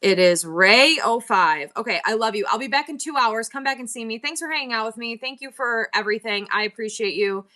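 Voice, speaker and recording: A woman's voice: on the high side, animated, brisk, few pauses, pushed and bright. A middle-aged woman hosting a live selling stream, talking candidly and rambling with frequent laughs. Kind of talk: casual live-stream chat.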